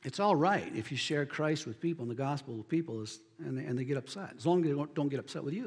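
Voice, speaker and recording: A man preaching a sermon as pastor, building to emphatic near-shouts on key lines. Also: on the high side, big-room sound.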